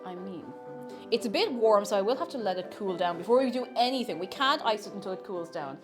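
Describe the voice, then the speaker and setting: A woman's voice: mid-range voice, lively intonation, fast talker, music in the background. A young woman streaming from her home kitchen, chatting playfully and casually while she bakes. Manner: chatty and playful, coos in baby talk to a cat. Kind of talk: casual livestream chat while baking.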